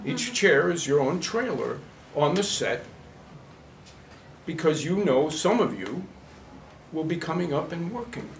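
A blunt, animated man teaches an acting workshop, his fairly high voice swinging widely as he laughs through his points. He sounds set back from the mic in an echoey room, with faint room ambience behind. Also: a little slow, creaky, recorded from a distance, slight background noise. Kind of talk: workshop lecture to a class. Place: workshop room with a live class.

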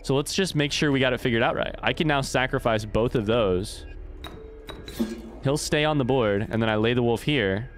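A man's voice: medium pitch, normal speed, long pauses, soft background music. A man streaming a video game, thinking aloud in casual commentary and swearing freely. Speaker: let's play streamer.

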